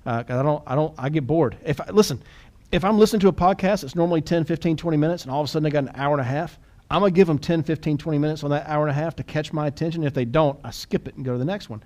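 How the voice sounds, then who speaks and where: A man co-hosting a podcast in casual chat, quick and animated, often restarting and repeating words. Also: a little high. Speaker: podcast co-host.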